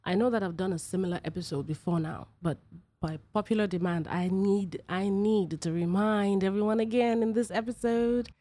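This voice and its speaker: A woman's voice: medium pitch, steady tone, moderate pace, warm tone. A woman from Nigeria hosting a personal podcast, talking emphatically and repeating phrases for effect. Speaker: podcast host.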